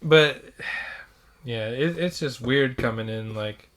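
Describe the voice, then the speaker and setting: Casual male co-host, mid-pitched and bright, a storyteller. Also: slow pace. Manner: storytelling, acts out quotes. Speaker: podcast co-host. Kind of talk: casual chat. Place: living in Japan.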